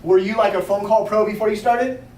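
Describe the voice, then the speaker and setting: A sales trainer with a high voice gives fast, energetic coaching to a small group in a restaurant meeting room, repeatedly checking whether it all makes sense. He is recorded from a distance in a roomy space, with faint background noise.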